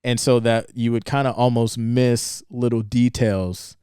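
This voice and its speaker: A man's voice: medium pitch, measured pace, clean tone, no echo, studio quality. A young man co-hosting a podcast, rambling through a film scene in a casual chat and acting out the characters' lines. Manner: rambling, animated retelling with quoted lines. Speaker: podcast co-host.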